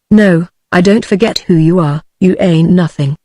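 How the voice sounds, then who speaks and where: Brief: computer-voiced British woman, audiobook narration, steady delivery, dry sound. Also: fairly low pitch, moderate pace, no room sound. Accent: British English. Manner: even, uniform reading of all characters.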